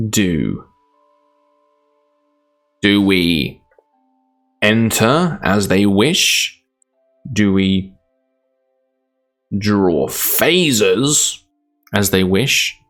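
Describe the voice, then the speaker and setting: A man's voice: fairly low pitch, expressive, very slow, long pauses, a bit bright, faint music behind. A Scottish man streaming live, reading a gamebook aloud in a chatty, self-deprecating way, laughing often.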